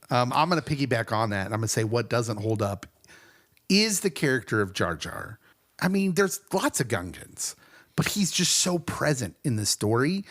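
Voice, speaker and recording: Male podcast co-host, lively pitch, casual chat, quick to laugh. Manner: animated, laughs often.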